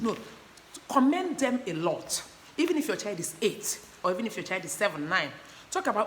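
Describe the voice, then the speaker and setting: A woman's voice: mid-range voice, very animated, normal speed, fairly bright tone. Earnest woman teaching parents, echoey room. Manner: earnest, repetitive, asks "do you understand?". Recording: echoey room with faint background noise.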